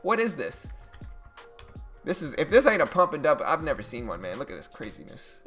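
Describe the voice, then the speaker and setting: A man hosting a casual day-trading live stream, reading market news and reacting to stocks in a chatty, animated way. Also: medium pitch, fairly quick, soft background music.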